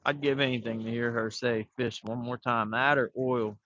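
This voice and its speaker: Easygoing fishing-stream host, man, bright forward voice, outdoors on a phone mic, slightly dull sound. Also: mid-range voice, steady tone, normal speed, hardly any pauses, slight background noise. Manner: laid-back, talks to himself while fishing. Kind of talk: casual rambling live chat.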